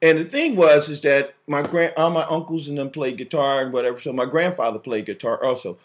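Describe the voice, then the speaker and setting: A man's voice: fairly high pitch, fairly quick, a little hiss or hum. A man co-hosting a casual chat, talking animatedly, repeating words, acting out quotes and laughing often. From family from the Southern US. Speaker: podcast co-host.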